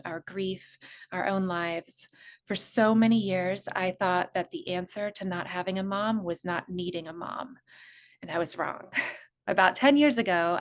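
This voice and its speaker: A woman giving a heartfelt, reflective talk at a virtual gathering. She asks earnest, gentle questions one after another. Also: mid-range voice. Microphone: video call.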